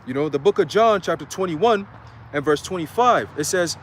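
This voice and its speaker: A man's voice: a little high, expressive, normal speed, a little hiss or hum. A man preaching a casual livestream sermon in a loose, conversational way, full of fillers, reading scripture aloud.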